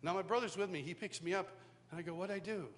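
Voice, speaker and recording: A man's voice: high voice, quick pace, a bit bright. A man from the United States giving a personal testimony at a live worship school, in a conversational storytelling way with frequent restarts. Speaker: worship teacher. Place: large hall, live event. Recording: long hall reverb, faint hum.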